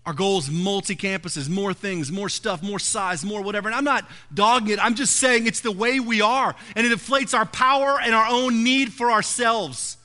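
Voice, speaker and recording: A man preaching a sermon as pastor, emphatic, swinging between loud build-ups and soft, low asides. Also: normal speed, few pauses.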